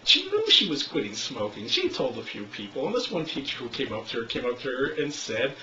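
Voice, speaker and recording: A man leading a smoking cessation clinic, telling a story in an animated way and acting out the quotes. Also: medium pitch, a little fast. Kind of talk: storytelling lecture. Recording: roomy, distant, slightly dull recording.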